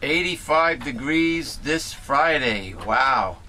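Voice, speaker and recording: A man's voice: medium pitch, expressive, takes it slowly, pushed and bright. Male host, casual chat, rambling with lots of fillers, faint noise behind. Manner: rambling, chatty, many fillers and restarts. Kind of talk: casual talk show chat.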